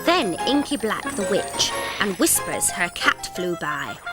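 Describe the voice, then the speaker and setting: A woman narrating a children's cartoon story in a gentle, clear storytelling voice. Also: mid-range voice, very animated, measured pace. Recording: music playing under the voice.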